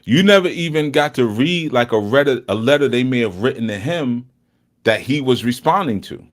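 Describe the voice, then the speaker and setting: A man hosting a live study session in a casual, joking way, laughing often and moving between loud and hushed talk. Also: mid-range voice, animated, normal speed. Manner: teasing, joking with the chat.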